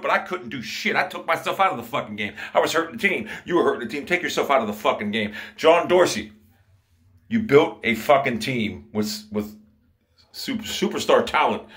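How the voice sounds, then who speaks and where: A sports commentator from Ohio, USA, launches into an angry, profane rant about his football team. His voice is medium-pitched and a bit bright, moving at a normal speed.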